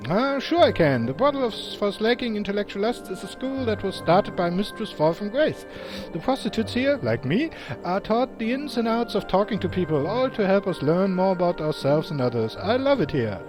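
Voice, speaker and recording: Timid, sweet young woman, put on by a man, high and lively, over game music. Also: moderate pace. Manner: sweet, breathy, hesitant and eager to please. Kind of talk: reading game dialogue aloud.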